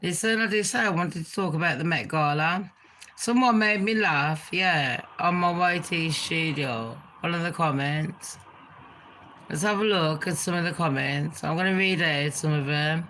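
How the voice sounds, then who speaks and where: A woman's voice: low voice, normal speed, fairly bright tone, a little hiss or hum, low-quality recording. A woman chatting casually as a celebrity gossip vlogger, rambling and swearing freely. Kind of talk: casual chat.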